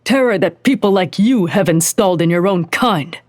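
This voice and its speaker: A woman narrator voicing a hot-tempered female officer who barks her lines forcefully. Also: lowish voice, animated, moderate pace, dry recording, clean studio sound, voice pushed up, lightly acted. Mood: angry. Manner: barking, forceful.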